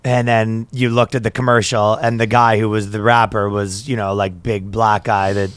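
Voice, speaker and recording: A man's voice: fairly low pitch, flat delivery, normal speed, smooth. A man co-hosting a comedy podcast, joking and riffing on bits. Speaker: podcast co-host. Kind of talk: casual comedic chat.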